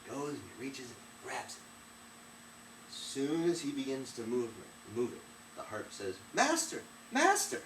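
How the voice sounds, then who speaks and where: A man's voice: mid-range voice, normal speed, far from the mic, slight background noise. Casual young man retelling a tale. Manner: casual, chatty, animated. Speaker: storyteller. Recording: roomy, off-mic, faint ambience.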